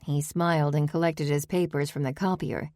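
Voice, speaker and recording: Low mellow woman reading a novel aloud, dry close sound. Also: steady tone, moderate pace, dry recording. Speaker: audiobook narrator. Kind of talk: scripted narration.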